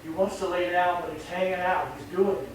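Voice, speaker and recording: High-voiced male dog trainer, echoey. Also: little pitch movement, fairly quick. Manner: rambling, chatty, acts out voices. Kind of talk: casual explanation on camera. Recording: very echoey, distant mic, faint noise.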